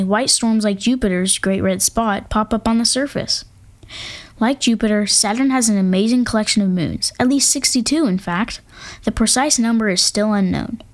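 A woman hosting an astronomy talk, reading facts in a casual way and adding jokey asides into a home microphone. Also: medium pitch. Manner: playful, jokey asides, hums drum rolls. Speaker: podcast host. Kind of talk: casual educational narration.

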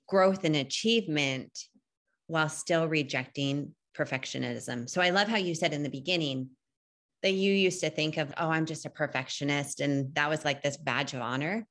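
A woman's voice: deep voice, fairly bright tone. A woman in her thirties co-hosting a casual podcast conversation, earnest and reflective. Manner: earnest, reflective, acts out quoted voices. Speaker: podcast co-host.

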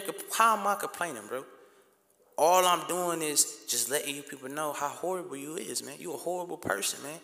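Brisk and creaky, with a high-ish voice that's pushed and bright, this podcast host rants bluntly and passionately in street slang. The impassioned monologue echoes through a room with long reverb.

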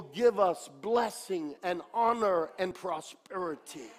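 A man in his sixties preaching a sermon, swinging between impassioned shouting and low, quiet speech with a repetitive, emphatic cadence. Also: a little slow. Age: 60s. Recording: long reverb of a large hall.

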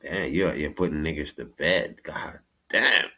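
A man with a New York accent hosting a casual podcast chat. He laughs often, swears freely and retells stories in an animated way. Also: a bass voice, a little slow, breathy edge. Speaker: podcast host.

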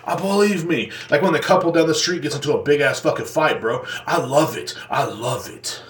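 A man's voice: on the high side, moderate pace, fairly bright tone. A man hosting a podcast alone, talking in a casual, rambling and profane way while joking as he goes. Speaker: podcast host. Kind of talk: casual solo rant. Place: seated indoors in a chair. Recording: roomy echoing room.

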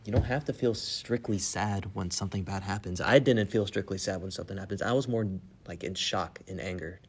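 A man's voice: deep voice, a little fast, slight background noise. A young man in a casual chat, earnest, repeating himself and restarting as he talks. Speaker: guest.

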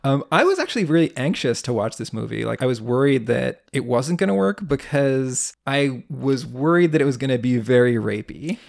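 Chatty podcast host with lively pitch. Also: normal speed, vocal fry, few pauses. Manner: chatty, laughing often, many restarts. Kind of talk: casual podcast chat.

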